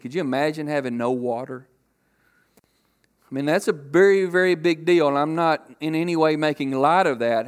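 A man preaching a sermon to a congregation, asking rhetorical questions and acting out loud quotes. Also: fairly high pitch. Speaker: pastor.

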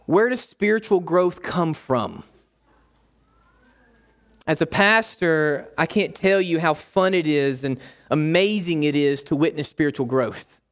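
A man's voice: on the high side, a little slow. A young adult man, a pastor, preaching a sermon in a conversational way, repeating phrases for emphasis.

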